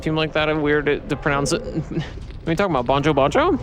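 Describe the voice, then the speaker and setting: A man's voice: on the high side, fairly quick, over music. A man streaming a video game in casual chat, swearing freely and rambling with restarts, tired from poor sleep.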